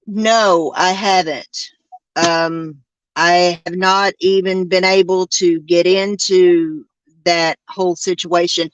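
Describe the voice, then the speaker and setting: A woman's voice: on the low side, fairly even intonation, slow pace, highs cut off, slight background noise. A woman, hosting a podcast in a casual chat that rambles and halts with many fillers and restarts. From Arkansas. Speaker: podcast host.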